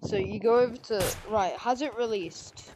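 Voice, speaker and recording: A woman playing a VR shooter and teaching a newcomer, chatting casually and joking, with sudden loud bursts when the action picks up. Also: mid-range voice, moderate pace, dull audio, noisy background. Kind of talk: casual gameplay chat. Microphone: VR headset. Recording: loud gunfire in the background.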